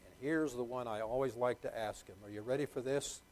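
A man's voice: medium pitch, brisk, darkish tone, a little hiss or hum, poor audio. A middle-aged man preaching a sermon, emphatic and repetitive, putting questions to the congregation. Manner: emphatic, repeats key words, quizzes the congregation. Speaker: pastor.

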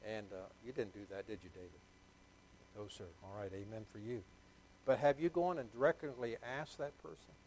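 A man's voice: on the low side, fairly even intonation, normal speed, darkish tone, a little hiss or hum, poor audio. A middle-aged man preaching a sermon, emphatic and repetitive, putting questions to the congregation. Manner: emphatic, repeats key words, quizzes the congregation. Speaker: pastor.

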